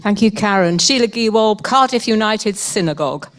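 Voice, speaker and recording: A woman's voice: mid-range voice, animated, moderate pace, fairly bright tone. Polite woman asking a question at a meeting.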